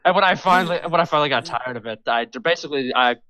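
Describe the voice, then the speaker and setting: A man running a tabletop role-playing game as game master, describing scenes with many pauses and fillers. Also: fairly high pitch, bright, forceful tone, low-quality recording. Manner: hesitant, many ums and restarts. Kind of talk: narrating a tabletop game over voice chat.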